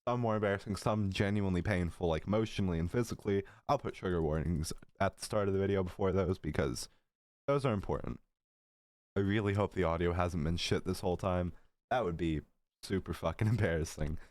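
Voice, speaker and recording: A man's voice: sits low, fairly quick, a little mellow, no room sound. A man in his late teens telling a story to camera in a casual, rambling way, with lots of fillers and swearing. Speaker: vlogger.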